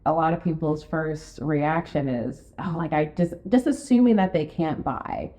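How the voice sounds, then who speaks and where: Animated chatty woman, slightly low voice. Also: normal speed. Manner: animated, filler-heavy, acts out her own quotes in a high voice. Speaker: podcast co-host, real estate marketing and sales director. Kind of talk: casual chat, storytelling. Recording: dull lo-fi podcast recording.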